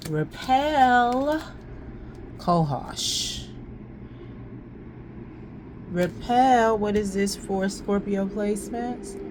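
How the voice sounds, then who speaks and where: A woman's voice: mid-range voice, drawn-out words, long pauses, background noise. A woman giving a casual tarot reading, thinking aloud in a slangy way and repeating phrases as she goes. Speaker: tarot reader.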